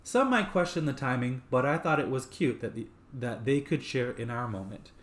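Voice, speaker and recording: A grieving man who mimics his lost fiancée in a sweet, raised, doting voice, as a man reads it out. The tone is affectionate and gentle, pitched well above his own speech. It comes from a game script read aloud. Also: expressive, moderate pace, natural voice. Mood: wistful. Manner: sweet, affectionate, high put-on voice.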